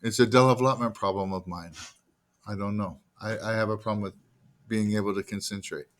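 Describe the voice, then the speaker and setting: A man's voice: on the low side, fairly even intonation, a little fast. Man lecturing, quizzing the class. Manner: asks the class questions and answers them himself; casual, jokey asides. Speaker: teacher.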